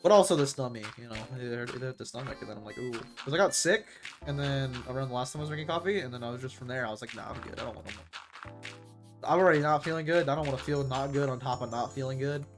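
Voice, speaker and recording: Young male streamer, mid pitch, loose slangy chatter to chat while he plays, faint music under it. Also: racing, hardly any pauses. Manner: rambling, slangy, talks to chat while playing. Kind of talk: casual gaming stream chat.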